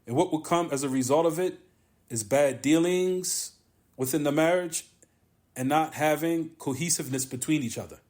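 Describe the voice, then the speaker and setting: Teaching from a classical text in a mosque, this man has a voice on the high side with a slightly mellow quality. He repeats points emphatically, pauses at length, and peppers his speech with Arabic terms.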